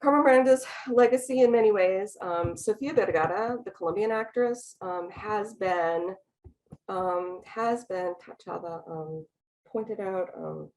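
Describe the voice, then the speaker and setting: A woman giving an academic talk about slides, speaking quickly with many ums and restarts. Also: mid-range voice, darkish tone, low-quality recording. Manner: speaks fast. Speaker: lecturer.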